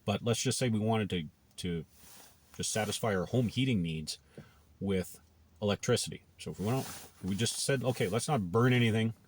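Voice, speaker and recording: Man from Canada, very low voice, casual musing, restarts, okays. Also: normal speed, long pauses, slight background noise. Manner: thinking aloud, many restarts and "okay"s. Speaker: blogger. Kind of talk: casual talk to camera.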